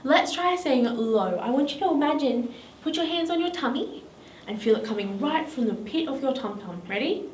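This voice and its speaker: Here a woman speaks at a moderate pace in a high-pitched, animated voice, guiding children through a drama lesson with an Australian accent and a cheerful, encouraging sing-song. It was captured in an echoey room from a distance, with faint noise.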